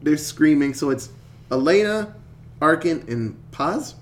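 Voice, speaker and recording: A man hosting a casual podcast chat, recapping a film in an animated way, swearing and acting out the characters' lines. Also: a little high, measured pace.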